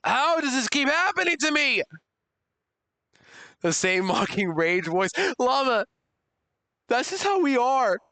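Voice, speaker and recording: Excitable young male streamer, high and lively. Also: slow pace, long pauses, clear, resonant tone, dry recording. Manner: excitable, loudly overreacting. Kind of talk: live game stream chat.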